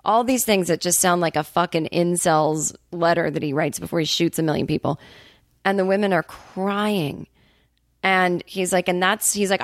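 A woman with a lowish speaking voice tells a long, rambling story with profane, sarcastic asides. The sound is dry and close, with no room around her. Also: no room sound. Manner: animated storyteller, quick asides. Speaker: comedian podcast host. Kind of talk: casual solo monologue.

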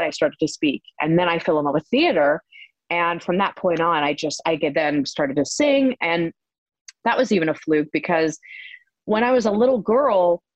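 A woman telling stories as an interview guest, animated and laughing often, with many fillers. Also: lowish voice, no room sound, dull audio. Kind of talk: casual storytelling interview.

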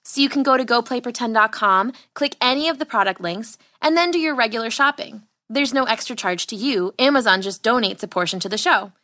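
A woman reads a children's story aloud, her voice bright and rising and falling a great deal. The sound is close and dry, as if right at a studio mic. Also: a little high, a little fast, few pauses, no room sound. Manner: animated, expressive storytelling. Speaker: podcast host and storyteller. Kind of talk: children's bedtime story narration.

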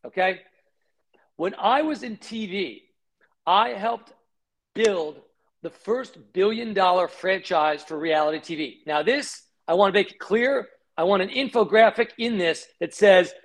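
A middle-aged company founder recounts career stories in an interview, speaking fast and animatedly and acting out the voices of the people he quotes. His voice is high-pitched.

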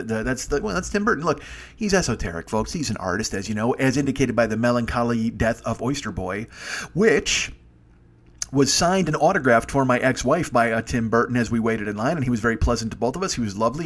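A man's voice: mid-range voice, a bit bright. A man hosting a comedy podcast, delivering a rambling, profane, self-mocking monologue full of digressions. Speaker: podcast host.

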